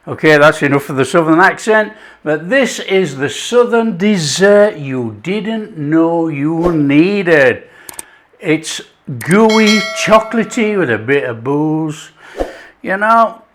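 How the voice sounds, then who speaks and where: A man's voice: a little high, lively intonation, takes it slowly, a bit bright. A man hosting a cooking show, talking through a recipe in jokey, chatty patter. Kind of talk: casual cooking demonstration.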